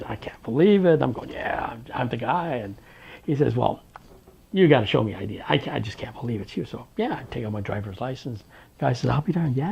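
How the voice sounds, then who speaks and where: Older man, oral history interviewee, gravelly voice, brings quoted dialogue to life; muffled lo-fi tape. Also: medium pitch. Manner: animated storyteller, acting out quoted dialogue. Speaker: interviewee recounting his work history. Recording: dull lo-fi recording.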